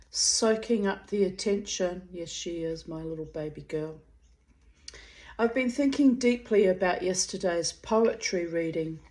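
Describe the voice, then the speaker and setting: A woman's voice: mid-range voice, darkish tone, rough recording. A middle-aged woman, candidly chatting and reading her own diary aloud, in a rambling way. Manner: slow, candid, rambling, talks to her pet bird. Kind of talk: casual chat and diary reading.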